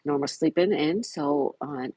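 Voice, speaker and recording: A man's voice: on the high side, a little slow, darkish tone, no echo, low-quality recording. A man hosting a casual livestream, reading viewer comments aloud and greeting chatters by name. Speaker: livestream host. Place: home in Florida.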